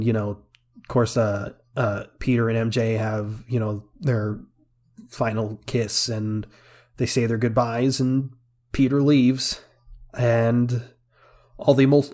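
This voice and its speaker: A man's voice: medium pitch, a little mellow. A man co-hosting a casual podcast, recapping a film scene by scene with lots of fillers and laughter. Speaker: podcast co-host. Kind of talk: casual movie review chat.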